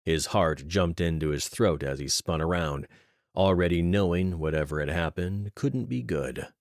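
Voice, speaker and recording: A man narrating a thriller audiobook in steady, measured storytelling. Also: low-pitched, no room sound, studio quality.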